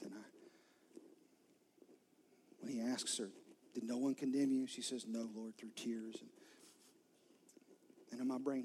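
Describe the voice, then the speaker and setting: A man preaching a sermon, retelling a scripture story vividly and swinging from loud emphasis to soft, near-whispered lines. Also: medium pitch, slight background noise. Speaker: pastor.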